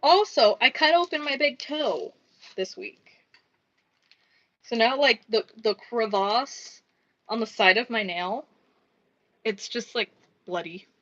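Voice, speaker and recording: A woman's voice: fairly high pitch, animated, slow pace, long pauses, fairly bright tone. Chatty crafter woman, muffled lo-fi sound. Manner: rambling, swears casually, mutters counts under her breath. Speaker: livestreaming crafter. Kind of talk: casual live-stream chat while crafting. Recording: dull lo-fi stream audio.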